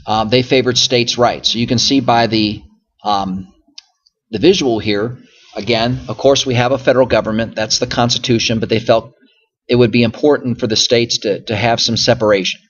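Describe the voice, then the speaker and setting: Male teacher, mid-pitched, patient lecture delivery, repeats points for students, slightly dull recording. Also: fairly even intonation, moderate pace. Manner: explanatory, repeats "so again" and "okay?" often. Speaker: history teacher. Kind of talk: recorded classroom lecture over slides.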